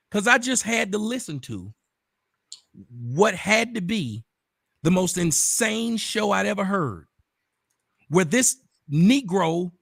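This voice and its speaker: A man ranting straight at the camera, profane and confrontational, repeating himself and bursting into shouts. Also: high voice, creaky, no room sound, studio quality. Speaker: online commentator. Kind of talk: angry direct-address rant.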